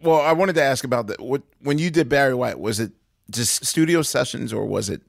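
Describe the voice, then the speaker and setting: A man's voice: mid-range voice, fairly quick, creaky, no room sound, studio quality. A man hosting a casual interview, asking questions and joking along in slang. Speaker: podcast host.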